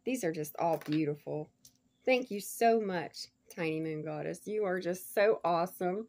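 A woman chatting casually to viewers as she unboxes a gift package, gushing and laughing often, sometimes dropping to soft murmurs. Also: lowish voice, moderate pace, creaky. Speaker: vlogger showing a gift package.

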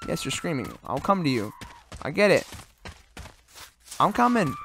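A young man casually commenting on a horror game he plays, loud, excitable, laughing and swearing. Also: high voice, measured pace, pauses often, slight background noise. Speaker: gaming host. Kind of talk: let's play commentary.

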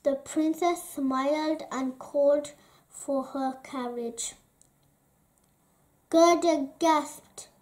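A woman reading a children's story aloud in a slow, deliberate way. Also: sits high, darkish tone. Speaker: storybook reader.

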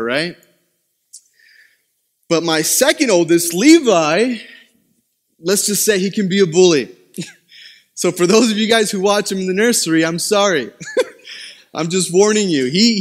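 A young man preaching a sermon as pastor, telling a lively family story with self-deprecating humor and dramatic emphasis. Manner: dramatic pitch swings for emphasis.

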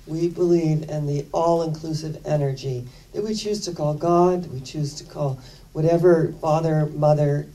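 An older woman minister preaching in a low, mellow voice. She tells personal stories in an earnest, chatty way and leans on repeated phrases for emphasis. Her voice sounds distant, well off the microphone. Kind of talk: sermon with personal storytelling.

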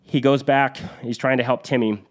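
A man's voice: mid-range voice, fairly even intonation, moderate pace. A man hosting a podcast, retelling a battle story in an earnest, vivid conversational way, with restarts and fillers. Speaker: podcast host.

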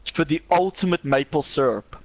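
A man's voice: fairly high pitch, normal speed, dry recording. A man chatting and joking with friends during a video game, laughing often. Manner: giggly, joking. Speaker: gamer. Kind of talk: casual game chat.

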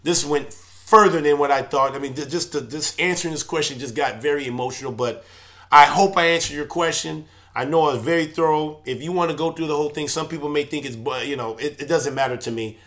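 A man talks in an impassioned personal video, pitched a little high, his voice forceful and tense. He preaches, swinging between loud outbursts and quieter, subdued stretches. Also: a little fast. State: emotional. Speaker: church elder vlogger. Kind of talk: emotional personal video monologue.

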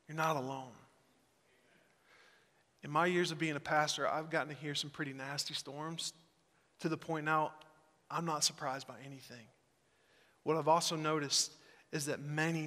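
A man preaching a sermon as pastor, moving from quiet reflection to loud, emphatic passages. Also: a little high. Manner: swings from hushed reflection to loud emphatic delivery. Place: large church hall. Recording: reverberant church hall.

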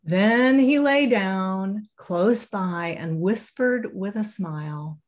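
A woman pastor reading a children's picture book aloud during a sermon, in a gentle, expressive storytelling manner. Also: mid-range voice, slow, hardly any pauses.

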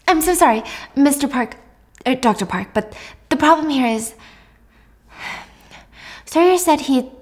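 A woman's voice: sits high, animated, measured pace, pauses often, voice pushed up. A woman voicing a nervous, apologetic school teacher who keeps saying sorry. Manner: flustered, apologetic, nervous laughing.

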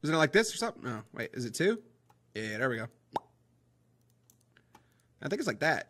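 A young man giving rambling, excitable commentary while playing a game, talking to his viewers as guys and boys. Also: medium pitch, normal speed, pauses often. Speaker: gaming video host. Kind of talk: casual let's-play commentary.

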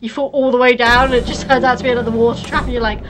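A woman's voice: fairly high pitch, level tone, very fast, noisy background. A woman hosting a let's play, chatting casually and playfully with lots of giggles. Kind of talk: casual gaming chat.

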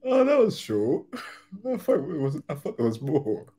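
A man's voice: fairly high pitch, huge pitch swings, moderate pace, dark tone, faint music behind. A man hosting a reaction video, commenting casually on a comedy clip, often laughing and rambling through restarts.

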